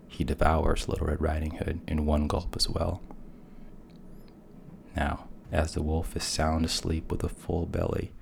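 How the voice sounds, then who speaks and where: A man casually retelling a fairy tale in a relaxed, conversational way, with asides. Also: rumbling low, vocal fry, a little hiss or hum. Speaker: storyteller.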